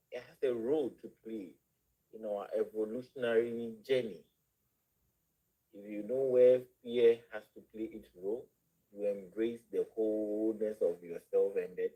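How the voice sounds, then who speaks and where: Halting man with an African accent. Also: medium pitch, dark tone, slightly rough, low-quality recording. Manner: halting, repeats words while searching for phrasing. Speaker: guest. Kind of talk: spiritual discussion on a live show.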